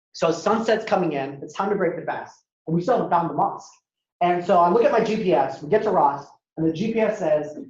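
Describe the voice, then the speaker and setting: A man giving a lively storytelling talk as a guest speaker at a university, acting out dialogue in a casual way. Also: high-pitched. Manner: animated, acts out dialogue, casual. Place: university lecture hall. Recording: echoey hall, dull lo-fi sound.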